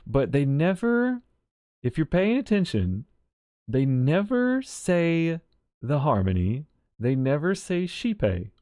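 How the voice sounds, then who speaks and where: A man giving casual, rambling commentary on a game's story, talking quickly and restarting his sentences. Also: fairly high pitch, sing-song, mellow, no room sound, studio quality. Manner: rambling, quick, with many restarts and self-corrections. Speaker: streamer.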